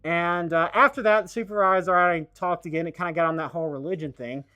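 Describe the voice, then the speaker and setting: A man streaming a casual monologue, rambling and halting, full of fillers and restarts. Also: fairly high pitch, sharp tone, dry recording, dull audio.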